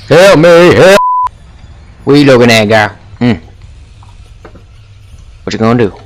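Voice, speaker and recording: A man's voice: mid-range voice, animated, unhurried, pauses often, slight background noise. Jumpy gasping man playing a horror game. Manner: jumpy, gasping, swearing, taunting the monster. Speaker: gaming video creator.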